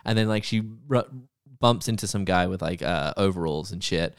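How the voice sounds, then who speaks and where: A man chatting casually on a podcast, retelling a show in a rambling, animated way with laughs. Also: low voice, moderate pace, smooth, no echo, clean studio sound. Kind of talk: casual chat recapping a show.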